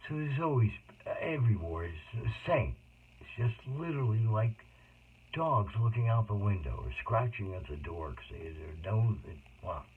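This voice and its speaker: A man telling a personal story in a rambling, emotional monologue with sudden loud outbursts. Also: low-pitched. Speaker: autobiographical storyteller. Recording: tinny phone-like noisy recording.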